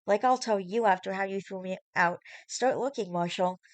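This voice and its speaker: A woman's voice: medium pitch, moderate pace, close to an everyday voice. Woman reading as a mocking spiteful girl. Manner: mocking, teasing. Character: taunting spiteful young woman.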